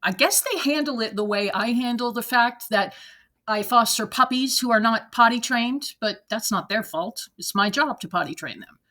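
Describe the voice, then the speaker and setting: A woman's voice: a little high, normal speed, sharp tone. A woman in her forties or fifties hosting a reaction video from her desk at home, reading online posts aloud and ranting bluntly with swearing and laughter. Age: 40s to 50s. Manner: blunt, profane, laughing rants.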